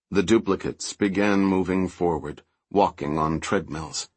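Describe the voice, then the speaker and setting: A man narrating an audiobook with steady, even storytelling. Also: deep voice, unhurried, few pauses, breathy edge, no room sound. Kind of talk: scripted narration.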